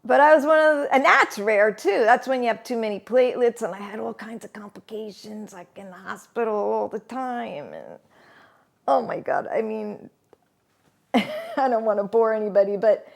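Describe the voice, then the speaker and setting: A middle-aged woman telling a personal story candidly in a halting way, often laughing mid-sentence. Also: fairly high pitch, animated, creaky. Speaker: interviewee.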